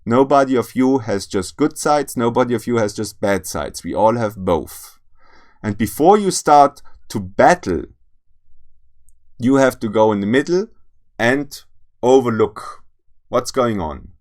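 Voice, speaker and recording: Slow, earnest male spiritual teacher. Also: mid-range voice, animated, darkish tone. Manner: halting, restarts and repeats words; earnest, addresses listeners directly. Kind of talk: spiritual lecture.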